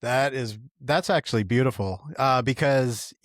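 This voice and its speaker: A man's voice: mid-range voice, unhurried, no echo, studio quality. A man, a dentist, hosting a podcast and asking his guest questions in a friendly, affirming way. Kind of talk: conversational interview.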